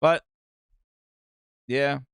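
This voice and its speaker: A man's voice: extremely slow, no room sound. A man hosting a gaming podcast, ranting casually with plenty of swearing and reading chat messages aloud. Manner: animated, profane, reads chat aloud. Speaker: podcast host. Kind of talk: casual live-stream rant.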